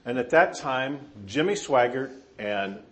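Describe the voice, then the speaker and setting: At a measured pace and medium pitch, a male pastor from Southern California preaches to a congregation. His animated storytelling is full of jokes at his own expense.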